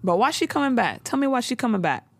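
A woman, co-hosting a casual chat and telling the story in a slangy, animated way with frequent laughs. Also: fairly high pitch, fast talker, dry recording. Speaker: podcast co-host recapping a TV show.

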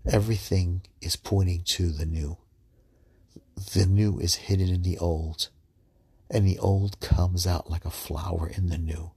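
A man, giving a halting, earnest devotional reflection and reading scripture aloud, often repeating and restarting words. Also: fairly even intonation, mellow, dry recording. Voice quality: very deep, gravelly, husky voice. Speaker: preacher.

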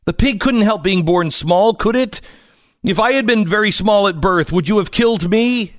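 A man reading aloud and voicing an upset eight-year-old girl from a storybook, pleading in a high, tearful voice. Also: normal speed, dry recording, studio quality, natural voice.

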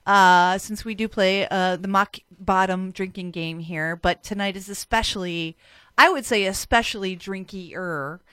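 A woman hosting a community radio show in a studio, chatting loosely with guests, swearing freely and filling pauses with "uh". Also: mid-range voice, fairly bright tone, clear, resonant tone, dry recording. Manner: swears freely, many "uh" fillers, loose and joking. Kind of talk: casual on-air banter. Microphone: studio microphone.

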